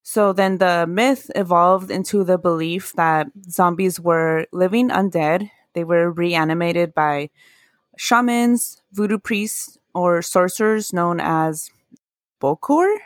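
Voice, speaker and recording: A woman with a lowish voice talks through folk history in a relaxed podcast chat. She is earnest and laughs at herself when she trips over a word. The sound is close and dry, with no room around it. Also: slow, dry recording. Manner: earnest, laughs at own mispronunciations. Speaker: podcast co-host. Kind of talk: casual chat, telling folklore history.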